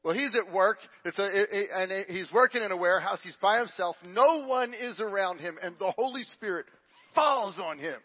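A male pastor with a high, bright-pitched voice preaches a sermon, telling stories with loud, lively bursts that drop into hushed stretches. The sound is dull and lo-fi, as from a livestream. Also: moderate pace, husky.

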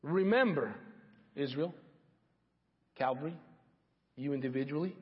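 A man's voice: a little high, animated, moderate pace, pauses often, long reverb tail, muffled recording. A man preaching a sermon, emphatic, repeating key phrases for weight. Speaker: pastor.

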